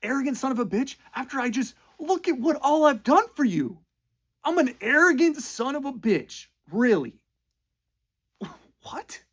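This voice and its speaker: A man's voice: sits high, fast, vocal fry, voice pushed up. A man doing a whiny, pleading young lover. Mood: exasperated. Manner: whiny, exasperated, loud pleading.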